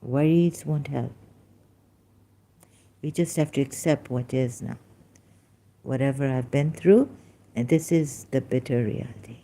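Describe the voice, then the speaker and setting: A woman vlogger speaking in an earnest, halting personal monologue, pleading with her viewers. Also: rumbling low, vocal fry, dark tone.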